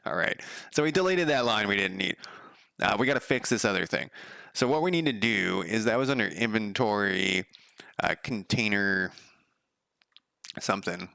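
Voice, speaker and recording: A man's voice: on the low side, lively intonation, moderate pace, gravelly, pushed and bright, no room sound. A man streaming as a game developer, talking through his code in a loose, sardonic, profane ramble. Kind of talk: casual live coding commentary.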